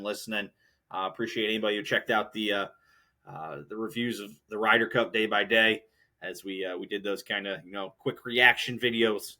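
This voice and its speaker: Profane, bright-voiced man ranting as host. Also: lowish voice. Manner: heated, profane, rambling. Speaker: podcast host. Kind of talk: solo podcast rant.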